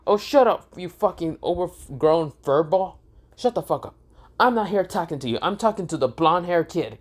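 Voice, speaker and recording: A man voicing a hot-headed young male warrior who yells insults and swears. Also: fairly high pitch, animated, moderate pace, voice pushed up. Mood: furious.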